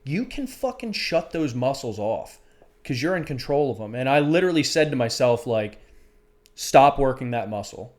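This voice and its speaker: A young man co-hosting a casual podcast chat, his voice sitting at an ordinary middle pitch. He swears freely, calls his friend dude, and talks through his own self-doubt. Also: very animated, normal speed. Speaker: podcast co-host.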